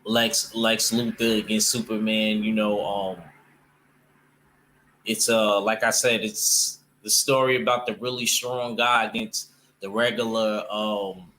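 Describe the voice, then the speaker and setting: A man's voice: fairly low pitch, level tone, unhurried, sharp tone, a little hiss or hum. A man chatting casually about comic books in a rambling way, with loose slang and lots of fillers. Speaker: comic book vlogger. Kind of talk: casual chat.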